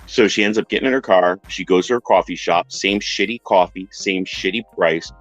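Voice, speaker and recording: A man's voice: low-pitched, normal speed, dry recording, muffled recording, faint music behind. A man casually retelling a strange story on a podcast panel, acting out the voices of the people in it. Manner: animated retelling, acts out quoted voices.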